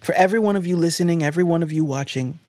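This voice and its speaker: Man, high voice, animated faith talk, emphatic preaching, dry close sound. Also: rapid-fire, no room sound. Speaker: podcast host.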